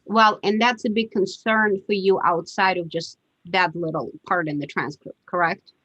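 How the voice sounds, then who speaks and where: Woman attorney, remote hearing, lowish voice, hesitant fillers, dry lo-fi call audio. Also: fairly even intonation, fairly bright tone, dry recording. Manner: measured, hesitant with frequent fillers. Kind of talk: courtroom questioning over video call. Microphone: video call.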